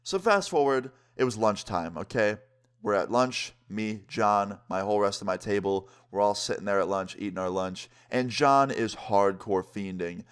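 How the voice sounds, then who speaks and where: A young man vlogger telling a story in an animated, slangy way, swearing often. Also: lowish voice, normal speed, clear, resonant tone. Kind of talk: casual storytime.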